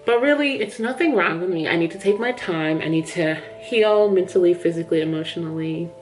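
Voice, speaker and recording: Fairly quick and fairly low-pitched, a woman speaks over soft background music. She's a book vlogger in a small, studio-lit room, a bit breathless, chatting to camera in a candid, casual way and saying "yo" and "y'all."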